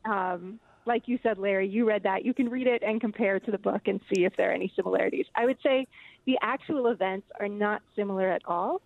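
A woman author talking about her book in a radio interview, thoughtful and halting, with many fillers. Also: medium pitch, vocal fry, no echo. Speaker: author guest. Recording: tinny phone line.

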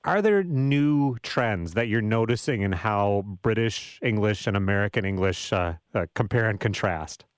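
A man's voice: on the low side, lively intonation, moderate pace, hardly any pauses, clean tone, no room sound, clean studio sound. A man hosting a radio interview, asking questions in a conversational, musing way with hesitant restarts.

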